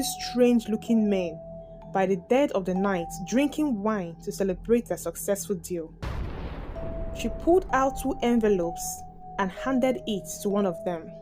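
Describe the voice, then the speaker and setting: Woman narrating a dramatic folktale. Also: medium pitch. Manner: steady, dramatic storytelling. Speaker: storyteller. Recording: background music.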